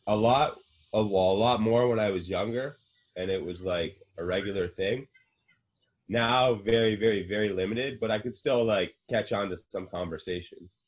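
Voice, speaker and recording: A young man from Canada with a fairly low voice chats as a podcast guest. He is crude and quick to swear, telling school stories in loose banter. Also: husky. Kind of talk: casual chat.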